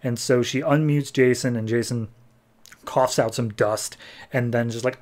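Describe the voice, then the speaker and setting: A man hosting a podcast, giving a casual recap of comic books and breaking into quick voices for the characters. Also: medium pitch. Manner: animated storyteller, acting out characters' lines in quick voices. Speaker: podcast host.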